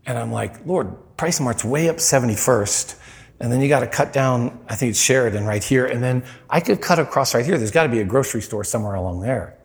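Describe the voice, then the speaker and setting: A man's voice: medium pitch, animated, a little fast. A middle-aged man preaching a storytelling sermon in a conversational way, acting out the voices in his story.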